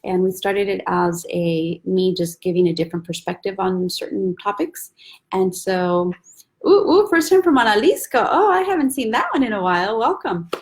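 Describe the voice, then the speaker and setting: A woman's voice: lowish voice, moderate pace. A young woman hosting a weekly live stream from home, chatting casually and greeting viewers by name one after another. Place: at home, husband and baby in the back.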